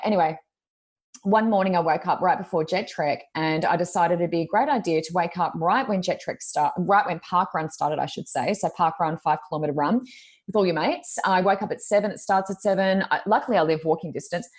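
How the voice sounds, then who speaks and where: A woman's voice: on the low side, fairly quick. A woman, co-hosting a podcast in casual chat, telling stories and acting out the voices of people she quotes. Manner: chatty storytelling, acts out quoted voices. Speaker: podcast co-host.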